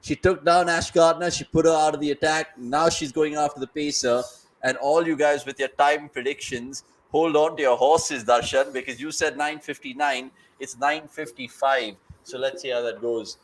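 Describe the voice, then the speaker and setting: Man, casual watchalong host on a video call, mid-pitched, breezy banter, reads the chat. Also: fairly even intonation, fairly bright tone, poor audio. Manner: upbeat, rapid banter, reads viewer comments aloud. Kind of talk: casual cricket commentary and chat-reading. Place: home, remote video call.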